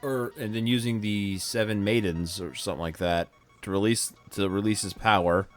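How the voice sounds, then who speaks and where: Low-voiced guy streaming a game, yawny and sleepy, rambles and corrects himself, soft game music behind. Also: fairly even intonation, moderate pace. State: drowsy, yawning. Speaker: streamer host. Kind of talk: casual gameplay chat.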